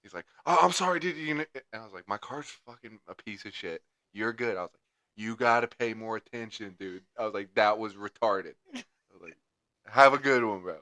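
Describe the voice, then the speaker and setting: A young man in casual podcast chat, rambling and crude, swearing through a long story. His voice sits a little low but comes across bright and forceful. The sound is dry and close. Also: brisk, no room sound. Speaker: podcast co-host.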